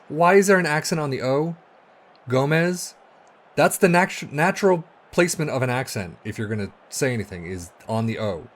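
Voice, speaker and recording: A man giving excitable, exasperated let's-play commentary on a football management game, swearing and talking to himself as the match goes. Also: a little high, a little hiss or hum. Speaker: video game streamer.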